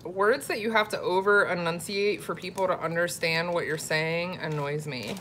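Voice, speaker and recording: A woman from Florida talks casually to viewers on a live cooking stream. She reads their comments aloud and answers them in a chatty, easy way. Her voice sits a little low, with a faint hiss behind it. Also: steady tone, moderate pace, fairly bright tone. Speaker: cooking vlogger.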